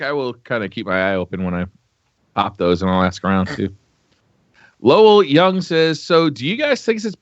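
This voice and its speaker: A man's voice: medium pitch, a bit bright, no echo, lo-fi sound. A man hosting a casual gaming podcast, reading listener questions aloud in a candid way and swearing freely.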